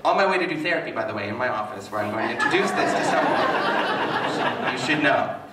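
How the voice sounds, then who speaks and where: A man giving a live talk as a psychotherapist, telling stories with animated, self-mocking humor to an audience. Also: mid-range voice, a little fast, a loud crowd. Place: hall with an audience. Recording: echoey hall, mic at a distance, noisy.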